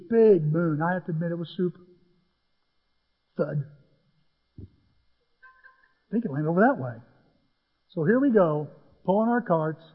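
A man's voice: high-pitched, slightly rough. A middle-aged man, a pastor, telling a folksy golf story inside a sermon and acting out the dialogue. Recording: muffled, echoey church hall.

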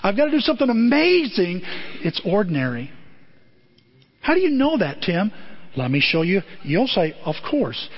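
A man giving a lively motivational talk to a group, calling on listeners by name. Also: high-pitched, moderate pace, husky, dull audio. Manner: animated, addresses listeners by name.

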